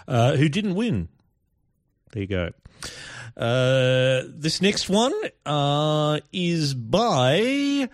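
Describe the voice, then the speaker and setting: A man's voice: mid-range voice, no echo, clean studio sound. Chatty man hosting a podcast. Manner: chatty, hesitant, playful. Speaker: podcast host. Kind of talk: casual podcast presenting and reading poems.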